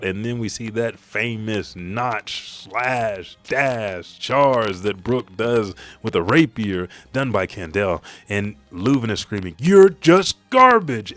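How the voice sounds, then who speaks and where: Man with a low voice, casual manga recap host, excitable, jumps into voices for quotes. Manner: excited retelling, acts out characters' lines.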